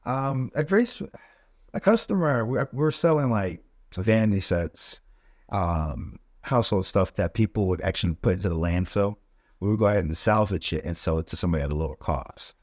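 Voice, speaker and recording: A man, a podcast guest, telling his story in a relaxed, casual way with many fillers, and growing animated as he relives the events. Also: a little fast, no echo, studio quality. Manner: animated, rising pitch when reliving events.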